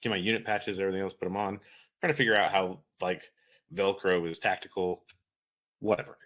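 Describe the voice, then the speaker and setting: A man's voice: low-pitched, fairly quick, highs cut off. A man, a military veteran, telling a story in casual, profane talk and acting out the dialogue of the people in it. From United States. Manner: profane, animated, acts out quoted dialogue. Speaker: veteran guest.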